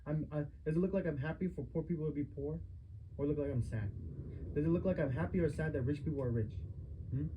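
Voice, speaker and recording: A man's voice: a little high, quick pace, highs cut off, slight background noise. A man, an adult son, confronting his mother in a heated family argument recorded on a phone, lecturing her with repeated rhetorical questions.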